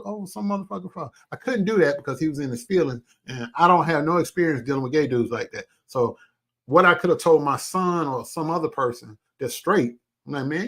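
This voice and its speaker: A man, hosting a heated commentary rant, profane and mocking as he talks. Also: on the high side. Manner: animated, profane, mocking imitations. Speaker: commentary show host.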